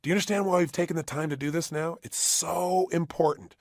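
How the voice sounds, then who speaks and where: A man's voice: on the high side, brisk, no room sound. A middle-aged man giving a motivational talk, emphatic and repeating phrases for effect, recorded close in a studio. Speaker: motivational speaker. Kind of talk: motivational audio program.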